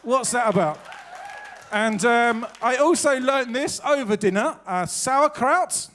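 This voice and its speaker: A man's voice: very high-pitched, a little slow, fairly bright tone, a little hiss or hum. A man hosting a live evening show, chatting with the audience in a self-mocking, jokey way. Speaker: stage host introducing acts. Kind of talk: comic stage banter with the audience. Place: stage at a live evening event.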